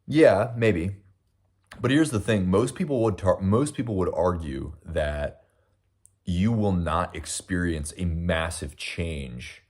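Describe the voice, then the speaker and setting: A young American man hosts a casual livestream while eating breakfast, reading and answering viewer comments. He rambles reflectively with many fillers, his voice low-pitched, darkish and slow.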